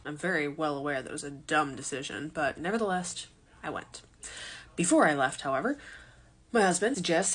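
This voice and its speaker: Young woman, casual self-mocking storyteller, slightly low voice. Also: fairly quick, fairly bright tone, slightly rough. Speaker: vlogger telling a story.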